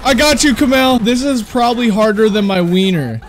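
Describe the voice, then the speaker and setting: A young man giving co-op gameplay commentary, excitable, yelping and screaming whenever he is in danger. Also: extremely high pitch, normal speed, faint music behind. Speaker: gaming YouTuber.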